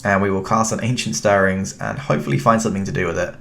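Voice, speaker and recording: Gravelly low British man commentating games. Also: fast talker. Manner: relaxed, thinking aloud, chatty with the opponent. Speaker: card game streamer. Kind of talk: casual gameplay commentary.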